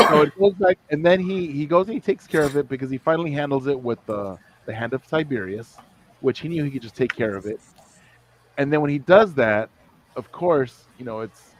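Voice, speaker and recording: A man co-hosting a casual chat, relaxed, acting out characters' lines while he retells a story, on a video call. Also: medium pitch, low-quality recording. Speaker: podcast co-host. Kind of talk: casual chat reviewing comics.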